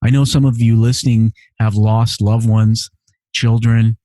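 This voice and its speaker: The host is a man with a warm, level, medium-pitched voice who takes his time. He immigrated to Canada and runs his podcast from a living-room home studio, reading listener messages in an emotional, earnest way and often repeating phrases, in a dry recording.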